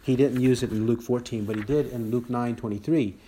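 A man preaching an expository sermon, reading scripture aloud and growing more forceful at its dramatic lines. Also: medium pitch, fairly even intonation, a little fast, a little hiss or hum.

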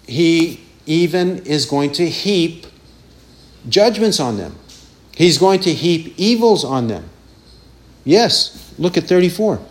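Man, preacher, sermon, high voice, slow delivery, emphatic repetition. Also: animated. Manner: emphatic, repeats phrases, mimics taunting voices.

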